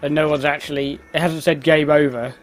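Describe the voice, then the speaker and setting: A man's voice: fairly high pitch, level tone, brisk, soft background music. A man giving casual, self-mocking commentary while playing a video game. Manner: chatty, exclaims at the game, laughs at himself. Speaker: let's play host.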